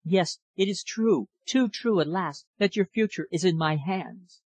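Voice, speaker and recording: A man voicing an anguished young woman hiding a dark secret in a storybook reading, pleading and breaking into high cries. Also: a little slow, breathy edge, no room sound, full character voice, low-quality recording. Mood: distraught.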